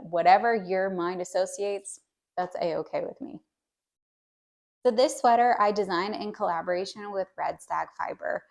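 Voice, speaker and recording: A woman knitwear designer chatting casually about her new pattern, relaxed and a little hesitant. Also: mid-range voice. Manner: chatty, hesitant with many ums. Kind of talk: casual vlog chat.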